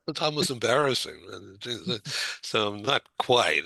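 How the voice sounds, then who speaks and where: Slow halting older man, gravelly voice. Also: medium pitch, sing-song, pushed and bright, dry recording. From Boston area. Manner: halting, with stutters, fillers and laughs. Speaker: talk show host. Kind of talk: personal storytelling in conversation.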